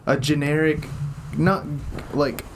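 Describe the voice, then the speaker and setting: A man's voice: fairly high pitch, steady tone, takes it slowly, creaky, noisy background. A young man co-hosting a podcast, chatting casually and rambling with lots of ums and restarts, recorded at home. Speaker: podcast co-host. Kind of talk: casual chat. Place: home room.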